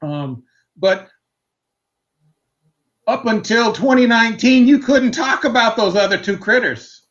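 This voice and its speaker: A man taking part as a guest in a round table, telling a personal account in a relaxed, casual way with frequent fillers. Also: extremely high pitch, measured pace, long pauses, lo-fi sound.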